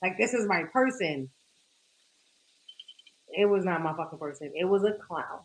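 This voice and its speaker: This young podcast co-host shares a dating story in frank, foul-mouthed casual talk heavy with "like." Her fairly low voice has lively intonation at normal speed, and the rough recording carries a little hiss or hum.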